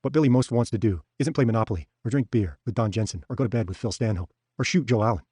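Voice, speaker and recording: A man reading an audiobook aloud on a stream in a steady storytelling manner. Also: mid-range voice, fast talker, breathy edge, no room sound, studio quality. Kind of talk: audiobook narration.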